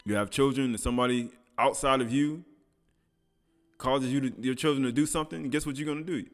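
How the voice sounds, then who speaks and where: A man's voice: mid-range voice, brisk, soft background music. A man preaching a sermon, reading scripture aloud and commenting in casual speech with laughs.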